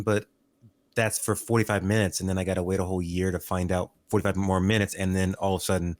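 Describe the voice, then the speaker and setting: A man co-hosting a podcast in casual chat, giving opinions in a measured way and repeating words as he thinks. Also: sits low, flat delivery, darkish tone, no room sound. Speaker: podcast co-host.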